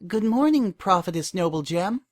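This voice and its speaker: A man's voice: sits high, expressive, moderate pace, no echo, clean studio sound, voice pushed up. A man voicing a shy, polite young filly acolyte who chirps her words.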